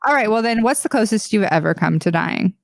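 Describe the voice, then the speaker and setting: A woman's voice: medium pitch, animated, fairly quick, no room sound, studio quality. A woman hosting a podcast, chatting in a playful, teasing way with a friend. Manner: playful, teasing, laughs often. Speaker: podcast host. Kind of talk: casual chat.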